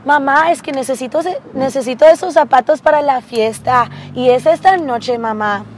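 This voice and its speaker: Brief: woman doing a high, whiny teenage daughter begging. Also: brisk, a little hiss or hum, natural voice. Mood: pleading. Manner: whiny, pleading. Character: pleading teenage girl begging her mother.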